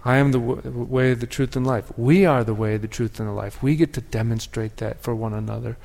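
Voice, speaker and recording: A man giving a sermon as pastor, speaking in a reflective, measured way with pauses and restarts. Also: mid-range voice, steady tone, gravelly, a little mellow. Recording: long hall reverb.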